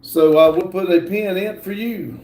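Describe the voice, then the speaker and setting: A man hosting a live stream, chatting casually with halting speech and many filler words. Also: high voice, a little mellow, reverberant. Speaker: livestream host. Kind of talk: casual live chat, reading comments aloud.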